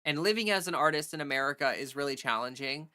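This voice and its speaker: A woman's voice: sits low, expressive, fast talker, bright, forceful tone. A woman livestreamer in casual, rambling chat who thinks aloud and thanks viewers for donations.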